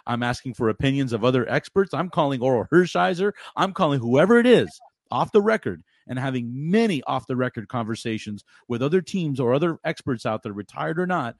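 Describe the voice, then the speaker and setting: A man's voice: mid-range voice, animated, a little fast, dry recording, clean studio sound. A man co-hosting a sports podcast, ranting heatedly and often repeating his words. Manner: fired up, repeats words, rants loudly. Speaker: podcast co-host.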